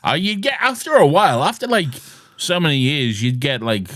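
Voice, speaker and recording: A man's voice: fairly high pitch, big pitch swings, a little fast, fairly bright tone, no room sound, studio quality. A man co-hosting a podcast, chatting casually and teasing his co-host. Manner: jokey, teasing. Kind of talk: casual chat. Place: podcast room.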